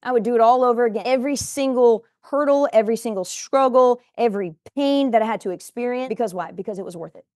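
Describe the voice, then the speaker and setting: A woman's voice: fairly high pitch, dry recording. A woman in her forties gives a motivational talk in a studio, speaking emphatically and addressing viewers directly.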